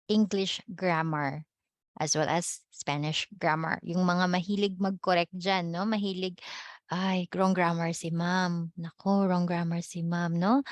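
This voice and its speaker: A woman's voice: on the low side, no room sound. A woman teacher with a Filipino accent giving an online class, mixing English and Filipino and checking in with "okay?" and "no?".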